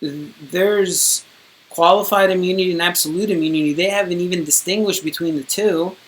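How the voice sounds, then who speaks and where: An indignant streamer talks straight to viewers in a loose, rambling monologue. The delivery is wordy and full of restarts, with casual swearing. The voice swings between loud, pushed bursts and low, trailing mutters. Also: normal speed. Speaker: streamer recounting own court case.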